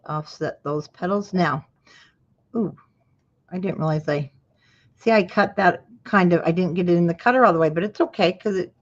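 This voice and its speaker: A chatty craft show host from Utah leads a live tutorial on a craft project, adding lots of friendly asides. Her voice is a little low for a woman, and the audio is somewhat dull and lo-fi.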